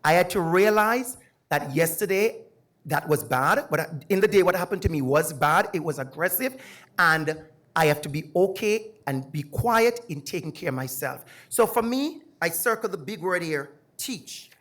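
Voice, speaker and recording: A man's voice: fairly high pitch, lively intonation, moderate pace, fairly bright tone. A middle-aged man with a Jamaican accent, a university lecturer speaking emphatically and animatedly as he shares a personal story on a panel. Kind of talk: personal testimony at a panel discussion.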